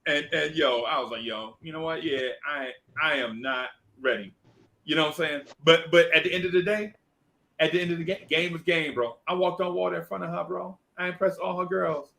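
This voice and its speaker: A man's voice: a little high, fairly even intonation, a little fast, vocal fry, pushed and bright. A middle-aged man telling a comic story, acting out each character's voice. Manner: playful, acts out every character's voice. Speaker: podcast co-host.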